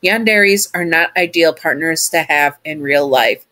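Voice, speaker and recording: A woman's voice: low-pitched, moderate pace, pushed and bright. A woman narrating a second-person fan fiction story in a rambling way, correcting herself as she goes.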